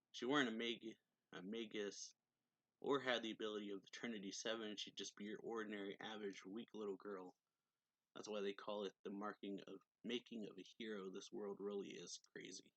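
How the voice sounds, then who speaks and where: A man with a lowish voice casually recapping a manga chapter. He talks in a hesitant, filler-heavy way and often corrects himself mid-sentence. The sound is dry and close. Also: fairly bright tone, no echo, poor audio. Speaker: manga reviewer.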